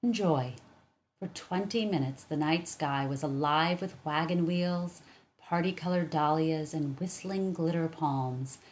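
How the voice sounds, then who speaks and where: A woman calmly reading a children's chapter book aloud as narrator. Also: sits low, a little slow, a little hiss or hum. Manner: calm, even storytelling.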